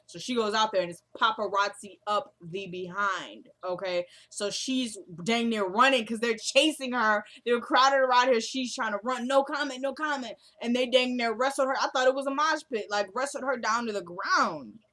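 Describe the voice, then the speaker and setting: A woman's voice: fairly high pitch, normal speed, hardly any pauses, pushed and bright. A young woman casually recapping a TV drama episode, chatting and laughing, and she drops her voice to quote the characters' lines. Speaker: show recap vlogger.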